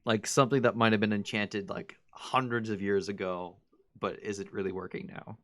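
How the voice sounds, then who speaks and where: Player: man with a lowish voice, teasing and joking, dry sound. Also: fairly even intonation, moderate pace, a bit bright, no echo. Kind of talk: playing a tabletop game over voice chat.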